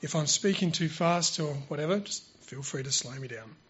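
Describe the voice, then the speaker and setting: A man's voice: on the high side, animated, moderate pace, a bit bright, breathy edge, highs cut off. A man giving an informal presentation at church, speaking into a microphone held close, with frequent fillers and restarts. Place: church hall. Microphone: handheld microphone held close.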